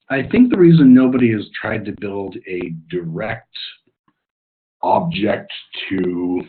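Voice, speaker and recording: Low-voiced man on a tinny webinar line. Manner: informal, thinking aloud with frequent ums and uhs. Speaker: technical expert answering audience questions. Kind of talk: webinar Q&A explanation. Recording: tinny phone-like webinar audio.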